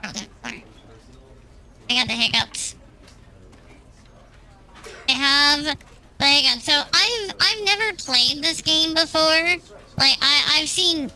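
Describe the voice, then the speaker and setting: Bright, high-voiced playful woman streamer. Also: slow, rough recording. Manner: playful, chatty, greets viewers one by one. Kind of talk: casual live-stream chat. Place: at home at her desk, cat on her lap.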